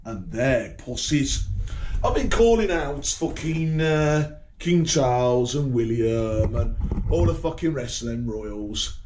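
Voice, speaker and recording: A man with a broad Birmingham accent, holding forth alone in a loose, swearing, combative ramble. His voice sits at an ordinary middle pitch for a man, and he keeps doubling back on his words as he goes. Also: animated, slow pace, a little mellow, slight background noise. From Birmingham, England. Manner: rambling, profane and combative, repeats words and restarts. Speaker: vlogger. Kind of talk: casual to-camera monologue.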